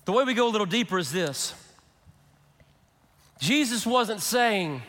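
A man preaching a sermon as pastor, conversational and animated, acting out quotes from the people in his story. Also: high voice, moderate pace, pauses often. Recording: reverberant hall.

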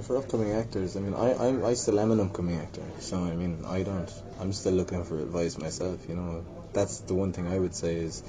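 At a hotel venue, a young actor from Limerick, Ireland, gives a casual interview, rambling about his acting work in an Irish accent with self-deprecation and frequent restarts. The recording is noisy with a low rumble.

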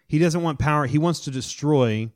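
A man in his thirties co-hosting a casual podcast, retelling comic storylines with enthusiasm and quick quoted voices. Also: fairly high pitch, a little mellow. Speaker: podcast co-host. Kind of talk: casual chat.

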